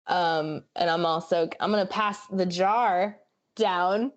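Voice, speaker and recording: A woman's voice: lowish voice, fairly even intonation, slow. A woman with a blunt manner who swears freely, chatting casually as a player on a live stream. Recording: dull lo-fi stream audio.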